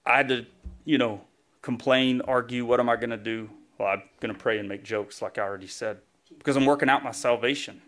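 A man's voice: mid-range voice, fairly even intonation, a little fast, a bit bright. A male pastor giving a conversational sermon, telling a story with self-deprecating humor and a casual delivery full of fillers.

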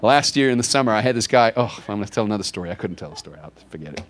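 Lively man telling a sermon story. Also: fairly low pitch, racing. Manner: animated, acts out dialogue with God in raised voices. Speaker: pastor.

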